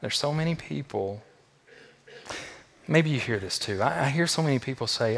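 A male pastor preaching a sermon in a church, with emphatic repeated phrases and sudden swings between quiet and loud. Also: mid-range voice, lively intonation, normal speed, gravelly, pauses often, slightly rough. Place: church sanctuary. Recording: long echo of a large hall.

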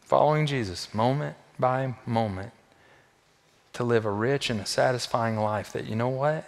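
A male pastor preaching a sermon in a church, with emphatic repeated phrases and sudden swings between quiet and loud. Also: medium pitch, normal speed. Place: church sanctuary. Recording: long echo of a large hall.

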